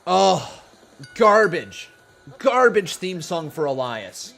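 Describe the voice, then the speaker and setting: A man hosting a live watch-along stream, chatting casually and excitably with viewers, often laughing at himself. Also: sits high, slow, gravelly, faint music behind.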